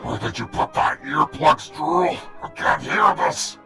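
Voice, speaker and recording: A man's voice: on the high side, expressive, unhurried, creaky, sharp tone, full character voice. An actor playing a grumpy, fussy male ghost artist in a wheelchair, with a nasal, brusque and impatient voice, in a video game. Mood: panicked. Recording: game audio with faint music.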